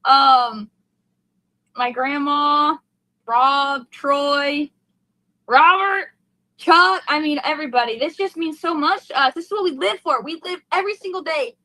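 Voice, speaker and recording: A young woman pours out her feelings in a post-race interview, her voice high and sharp-edged. She rambles breathlessly with fillers, heartfelt and gushing. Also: measured pace, no room sound, poor audio. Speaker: race car driver, interview guest.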